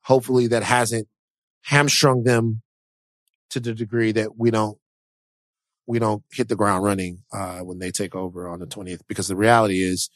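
A man co-hosting a podcast, talking casually and emphatically about politics and faith, slow and preachy at times. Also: fairly low pitch, little pitch movement, no room sound. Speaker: podcast co-host.

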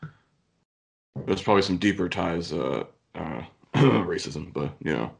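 A man's voice: sits low, expressive, a little slow, creaky. A man co-hosting a casual comedy podcast, laid-back and swearing freely. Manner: laid-back, profane, laughs along. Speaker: podcast co-host.

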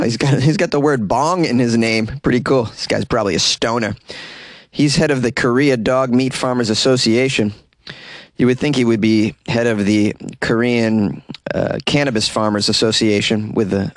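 A man hosting a comedy podcast, reading odd news stories with sarcastic deadpan asides, recorded in a closet. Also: mid-range voice, no room sound.

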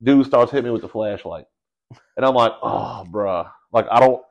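A man telling a story in casual podcast chat, animated and slangy, calling people bro and dude. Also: mid-range voice, a little fast, muffled recording.

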